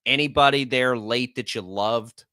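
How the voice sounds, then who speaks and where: A man hosting a sports radio show in casual, energetic talk, with an American accent. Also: mid-range voice, a little slow, smooth, no room sound, clean studio sound. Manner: chatty, energetic, reads ad copy.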